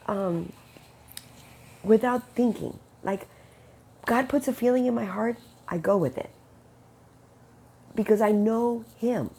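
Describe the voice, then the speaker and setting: A woman giving a casual spoken testimony, acting out quoted dialogue with quick jumps in pitch and slowing down when she turns earnest. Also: creaky, dark tone, breathy edge. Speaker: Christian speaker sharing a testimony.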